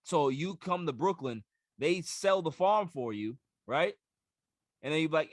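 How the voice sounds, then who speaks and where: A man hosting a sports podcast in casual talk, emphatic and animated, often repeating words as he builds a point. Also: fairly high pitch, a little slow, no room sound, clean studio sound. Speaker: podcast host.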